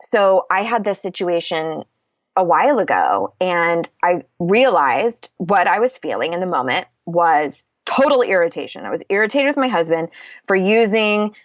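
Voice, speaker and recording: Candid woman coach, low dry voice. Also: big pitch swings, moderate pace, no room sound, highs cut off. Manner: candid, casual, swears freely. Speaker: guest, confidence coach. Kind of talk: podcast interview, explaining a method.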